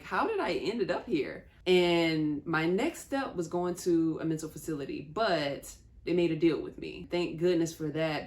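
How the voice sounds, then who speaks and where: A woman's voice: low-pitched, a little mellow. A young woman telling a personal story in a candid, conversational way, with small laughs between sentences. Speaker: vlogger.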